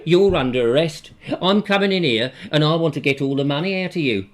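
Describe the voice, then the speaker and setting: A man's voice: a little high, animated, a little fast, natural voice. A man putting on a blustering male gangster with a put-on Dudley accent. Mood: menacing.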